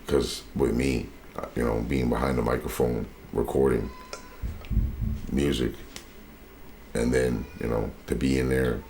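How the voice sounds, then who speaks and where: A man with a Nova Scotian accent and a deep, bassy, raspy voice, chatting loosely as an interview guest. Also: level tone, a little slow, pauses often, a little mellow, a little hiss or hum. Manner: laid-back, loose and rambling. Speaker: rapper and voice actor guest. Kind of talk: casual interview chat.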